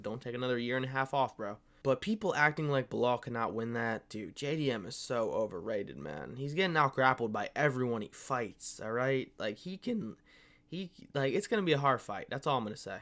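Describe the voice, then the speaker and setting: A man rants about fighters in a loose, casual way, swearing freely and getting worked up as he rambles. His voice sits at an ordinary middle pitch for a man. He keeps tossing "bro" and "man" at his audience. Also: a bit bright. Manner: profane, fired-up and rambling, calls viewers "bro". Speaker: MMA commentary channel host. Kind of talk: casual opinion rant.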